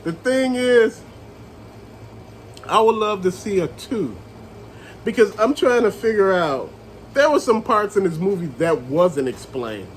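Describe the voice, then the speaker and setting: A man reviewing a movie in a casual rant, retelling scenes with animated storytelling and calling his viewers family. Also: sits high, unhurried, pauses often, a little hiss or hum, poor audio.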